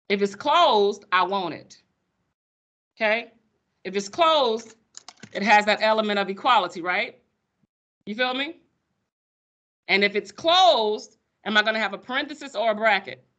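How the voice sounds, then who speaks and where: A woman's voice: medium pitch, lively intonation, a little slow, long pauses, a bit bright, dull audio. A woman teaching a math class, sassy and playful with her students. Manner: sassy, playful, calls students sugar baby.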